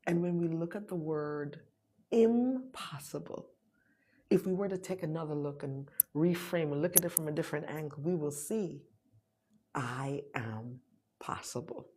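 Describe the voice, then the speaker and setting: A woman hosting a live stream, giving an encouraging motivational talk and inviting viewers to join her, with drawn-out emphatic phrases. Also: deep voice, steady tone, dark tone.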